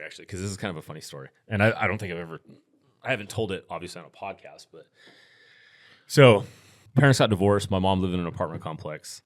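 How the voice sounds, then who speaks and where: A deep-voiced man, a firearms instructor appearing as a podcast guest, tells a casual story. He sounds laid-back and rambles, restarting sentences and using fillers. The recording is studio quality with no room sound.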